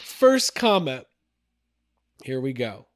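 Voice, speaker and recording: A man's voice: medium pitch, very animated, takes it slowly, no room sound, clean studio sound. A man co-hosting a casual podcast, laughing as he reads online comments aloud in a mocking tone. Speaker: podcast co-host.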